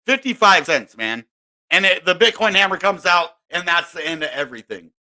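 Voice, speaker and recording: A crypto video host rambles through casual market commentary, restarting sentences and sounding exasperated. His voice is a bit high for a man, bright and forceful, and he speaks in an animated way at a moderate pace.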